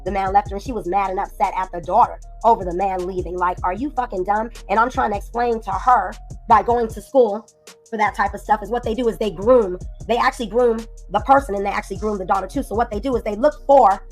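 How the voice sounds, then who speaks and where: A woman hosting a commentary stream, ranting angrily and with heavy profanity about another person. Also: mid-range voice. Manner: angry, profane, rapid ranting. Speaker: commentary channel host. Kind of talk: heated livestream commentary. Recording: light background music.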